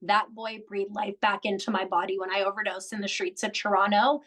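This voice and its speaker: A woman speaks as a podcast guest at a mid pitch, earnest and heartfelt. Her thoughts tumble out in long, loosely strung sentences. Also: level tone, fairly quick, a bit bright, poor audio. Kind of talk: candid unscripted chat.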